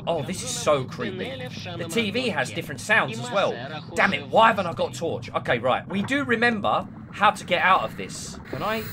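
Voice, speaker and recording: A man's voice: sits high, sing-song, moderate pace, a crowd in the background. A young man doing let's-play game commentary, talking himself through a horror game and panicking and shrieking at the scares. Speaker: gaming YouTuber. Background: game music and sounds.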